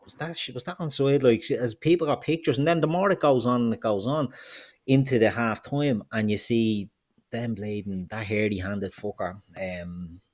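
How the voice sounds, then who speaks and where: A man's voice: medium pitch, normal speed, a little mellow. A man co-hosting a football podcast, ranting heatedly and swearing freely. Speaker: podcast co-host.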